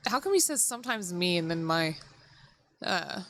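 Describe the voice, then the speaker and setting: A woman's voice: fairly low pitch, very animated, normal speed, background noise. A woman streamer giving casual gameplay commentary, blunt and curious, cursing and asking questions. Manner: blunt, curses, laughs a lot, asks wondering questions. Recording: background music playing.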